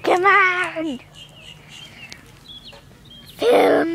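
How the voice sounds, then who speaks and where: Very high-pitched girl coaxing her cat. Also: big pitch swings, unhurried, noisy background. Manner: high-pitched coaxing and baby talk, laughing. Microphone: handheld camera.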